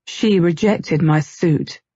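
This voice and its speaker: A brooding young man back from the dead, read by a female narrator, terse and frustrated, with a slightly lower, husky delivery. The dry, muffled audiobook sound keeps it close. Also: slow pace, mellow, no echo. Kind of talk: audiobook character reading.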